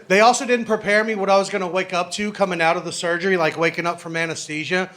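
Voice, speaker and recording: Young male stand-up comic, higher voice, brash profane storyteller. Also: steady tone, quick pace, background noise. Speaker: stand-up comedian. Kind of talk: stand-up comedy set.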